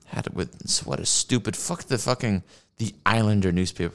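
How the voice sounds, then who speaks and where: A man reacts to videos on his stream with a profane, sarcastic rant, laughing at his own jokes along the way. He talks at a moderate pace in a lowish voice, using a streaming mic on his desk with a mixer.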